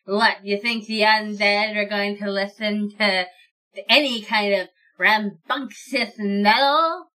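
A woman voicing a haughty male lich, skeletal and refined, speaking slowly with prim disdain. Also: medium pitch, steady tone, pushed and bright. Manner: slow, haughty and precious. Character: snobbish male lich with a worm in his throat.

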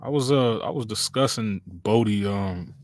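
A man's voice: on the low side, measured pace, no echo, studio quality. A man co-hosting a podcast, chatting in a laid-back, profane way. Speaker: podcast co-host. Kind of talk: casual chat.

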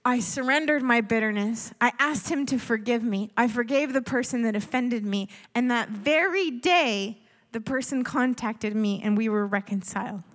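A woman preaching a sermon, earnest and pleading, sometimes dropping to a hush. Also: fairly high pitch, moderate pace. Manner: earnest, pleading, with soft hushed asides.

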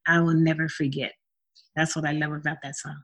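Female singer, interview guest: husky, expressive, conversational. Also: low voice, fast talker. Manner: expressive and chatty, with frequent laughs. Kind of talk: casual interview chat.

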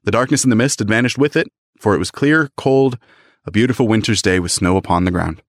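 A fairly low-voiced young man reads a classic novel aloud on a casual podcast, breaking off to joke about it. He jumps into animated voices for the characters. The sound is dry and close. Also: quick pace, no room sound. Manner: reads passages aloud with lively voices, then jokes about them. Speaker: podcast co-host reading and discussing a book. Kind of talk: casual book podcast, reading aloud with commentary.

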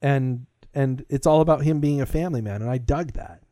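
A man's voice: medium pitch, brisk, dark tone, no echo, studio quality. A man co-hosting a podcast in casual chat, rambling and enthusiastic, laughing often. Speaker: podcast co-host.

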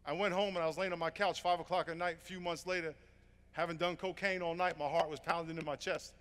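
A man in his fifties preaching to a full room with earnest, fervent storytelling. His voice sits high for a man, and the sound rings with a long hall reverb. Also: flat delivery, quick pace, a bit bright, clean tone. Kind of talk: evangelistic sermon. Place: large room with audience.

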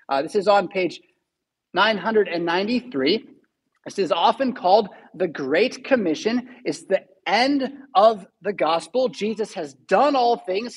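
A man's voice: high voice, breathy edge, poor audio. A male pastor giving a sermon in a church, teaching steadily and stressing key words. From United States.

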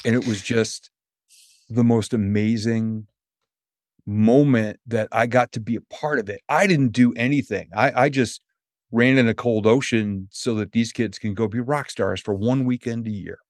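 Animated storytelling man, dry sound. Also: medium pitch, moderate pace, dry recording. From New Hampshire. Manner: animated storyteller who acts out quoted voices. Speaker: motivational speaker and coach. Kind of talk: storytelling in a podcast interview.

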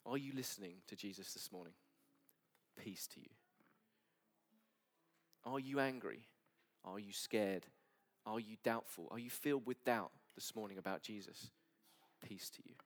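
Earnest low-voiced male preacher. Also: normal speed. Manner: earnest, drops to soft near-whispers. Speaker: pastor. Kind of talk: sermon. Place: church service.

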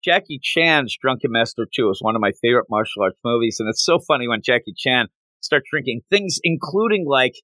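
Bright-voiced animated man. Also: mid-range voice, fairly quick, dry recording. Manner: animated, acts out quoted characters in passing. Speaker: podcast co-host. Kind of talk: casual podcast discussion.

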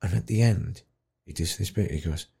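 A man telling an emotional story, animated and dropping to a hush at tender moments. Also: low-pitched, normal speed, gravelly, slightly rough. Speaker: guest musician in care.

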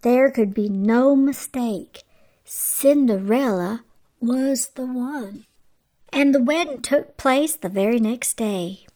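Slow, gentle woman telling a bedtime story. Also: fairly high pitch. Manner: gentle, slow, sometimes drops to a whisper. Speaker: storyteller and radio host.

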